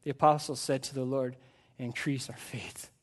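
A man's voice: medium pitch, fairly even intonation, moderate pace. A middle-aged man, a pastor preaching a sermon into a pulpit microphone, earnest and emphatic, asking the congregation rhetorical questions.

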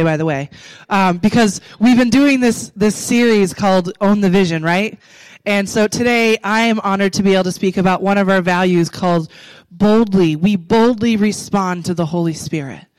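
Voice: medium pitch, moderate pace, dry recording, rough recording. A pastor introduces the day's message and invites two people up front, speaking in an inviting, casual way. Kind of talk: sermon introduction.

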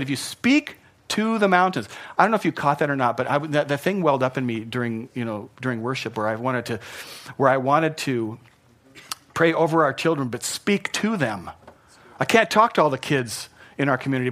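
A male pastor in the middle of a sermon, speaking in an ordinary mid-range voice. He is earnest and drives points home by repeating phrases. His volume swings from quiet and soft to loud. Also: mid-range voice. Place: church hall.

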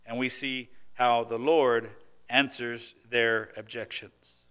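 Bright, clear-voiced preaching pastor. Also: male voice, mid-range voice, level tone, slow. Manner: conversational preaching with rhetorical questions. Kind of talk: sermon.

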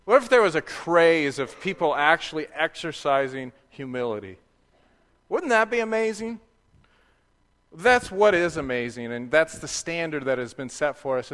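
A man preaching a sermon, sometimes dropping to a soft, hushed voice. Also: fairly high pitch, in a large hall. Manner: drops to a soft, hushed voice for quiet reflection. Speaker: pastor.

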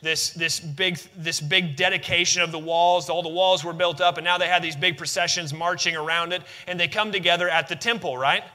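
Bright-voiced man preaching a sermon. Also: sits high, fairly even intonation, brisk, hardly any pauses, long reverb tail. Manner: conversational and emphatic, with rhetorical questions and humor.

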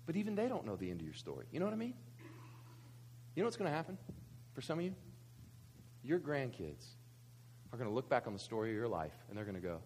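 A man's voice: medium pitch, sing-song, quick pace, long pauses, fairly bright tone, a little hiss or hum. A man, preaching a conversational sermon full of rhetorical questions and asides. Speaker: pastor.

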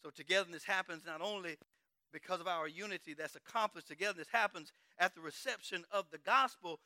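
A man's voice: sits high, fairly quick, bright, forceful tone, no room sound. A man preaching a sermon in a church, driving his points with repeated rhetorical questions.

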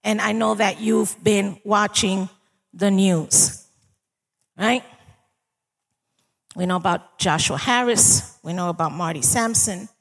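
A woman preaching a sermon, her voice husky with a gravelly edge. She talks slowly and conversationally, checking in with her listeners as she goes, and her words ring out with the long reverb of a large hall. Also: mid-range voice. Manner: conversational preaching, asks the congregation for agreement.

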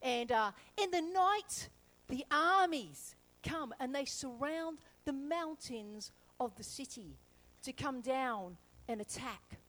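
A woman pastor preaching a sermon, telling a story lively and acting out the characters. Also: sits high, slow, poor audio.

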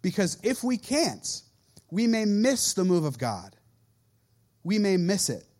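A man in his thirties, a youth pastor preaching a sermon in an animated way and acting out quoted voices. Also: sits high, takes it slowly.

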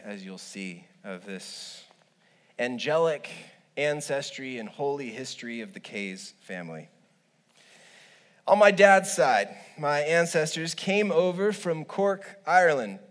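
Male pastor, sermon delivery, higher-pitched, comic and animated storyteller. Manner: humorous, animated storytelling with asides.

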